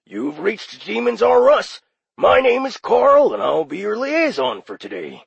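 A man voicing a friendly male demon phone operator with a raspy voice and chummy customer-service patter, in an audiobook. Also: high-pitched, huge pitch swings, a little slow, no echo, dull audio, pitched above the performer's own voice, heavily acted. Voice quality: raspy, gravelly. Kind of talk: audiobook character voice.

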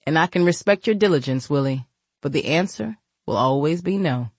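Woman doing a cocky, forceful young man. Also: low-pitched, animated, a little fast, breathy edge, no room sound, exaggerated voice. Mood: firm.

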